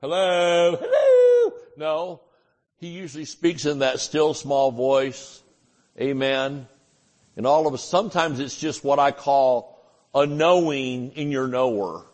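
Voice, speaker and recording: A man's voice: medium pitch, a little slow, pauses often. An older man preaching a sermon at a Bible study, folksy and chuckling, acting out little voices as he goes. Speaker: pastor. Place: church.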